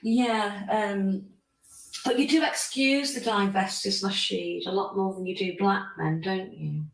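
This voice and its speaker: A woman's voice: medium pitch, steady tone, a little slow, creaky, distant mic. A woman hosting a casual livestream, reading viewers' comments aloud and giving her blunt opinions in a rambling way. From United Kingdom. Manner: opinionated, rambling, talks to chatters by name. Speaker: livestream host. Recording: echoey room, voice away from mic.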